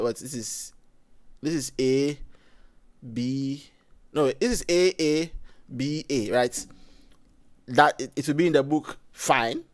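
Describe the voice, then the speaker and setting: Rambling Ghanaian man on a livestream. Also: on the high side. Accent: Ghanaian English. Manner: rambling, thinks aloud with frequent self-corrections. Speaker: livestream host. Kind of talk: casual livestream chat.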